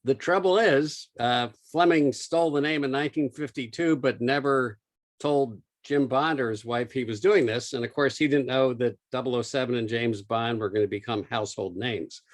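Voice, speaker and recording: A man's voice: medium pitch, normal speed. Storytelling male lecturer. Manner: storytelling, frequent "uh" fillers. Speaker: lecturer and author. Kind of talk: illustrated museum talk. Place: lecture room.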